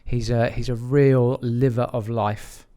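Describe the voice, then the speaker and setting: A man who is a podcast guest, telling a story in a reflective way, with frequent pauses and restarts. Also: medium pitch, steady tone, dark tone. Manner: hesitant, many fillers and restarts, reflective. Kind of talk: conversational storytelling.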